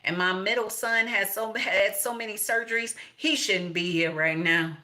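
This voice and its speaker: A woman's voice: medium pitch, normal speed, pushed and bright. A middle-aged woman, talking in a blunt, profane, rambling monologue with laughing asides. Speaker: tarot reader.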